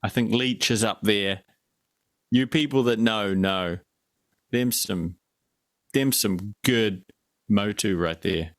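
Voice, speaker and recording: A man's voice: on the low side, slow, pauses often, dry recording, studio quality. A man co-hosting a casual film review chat, rambling and jokey, often breaking off mid-sentence. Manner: rambling, jokey, self-interrupting. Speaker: podcast co-host.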